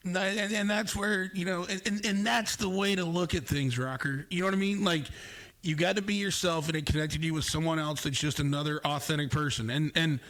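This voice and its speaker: A man's voice: a little high, fairly even intonation, a little fast, a bit bright. A man hosting a podcast in casual chat, laid-back, laughing often and swearing. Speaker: podcast host.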